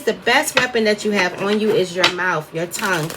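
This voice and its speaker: A woman's voice: mid-range voice, fairly quick, very noisy. A woman giving a casual tarot reading, chatty and wandering off topic as she talks to her viewers. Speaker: tarot reader.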